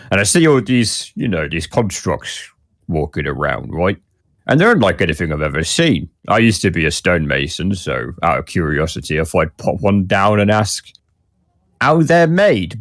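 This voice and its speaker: A man at a tabletop game speaks in character, chatting casually with the others at the table. His voice is low. The recording sounds close and dry. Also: fairly bright tone, dry recording. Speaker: player.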